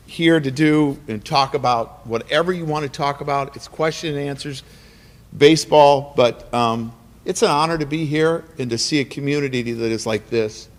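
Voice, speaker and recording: A man speaking as guest speaker at an awards dinner, earnest and emotional, with a preacher-like cadence and repeated phrases. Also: medium pitch. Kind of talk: emotional motivational speech. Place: banquet hall. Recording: long hall reverb.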